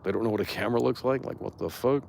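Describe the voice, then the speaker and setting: A man's voice: medium pitch, very fast, gravelly, darkish tone, a little hiss or hum. A young man streamer ranting to his chat in a rambling, profane, indignant way. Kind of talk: casual rant to chat.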